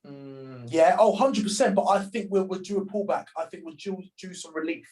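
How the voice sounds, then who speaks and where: A high-voiced man talks trading charts with a friend. He stumbles and restarts his phrases often, dropping "bro" into casual speech. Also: a little mellow. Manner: halting, many restarts, says "bro". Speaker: trader. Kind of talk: casual chat.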